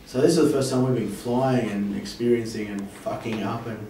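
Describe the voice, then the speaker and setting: A man's voice: medium pitch, fairly quick, warm tone, a little hiss or hum. A man, a band member chatting in an interview, telling stories loosely and swearing freely. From Australia. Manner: swearing, laughing storyteller. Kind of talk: casual interview chat. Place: pub venue. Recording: echoey pub room, mic from far off.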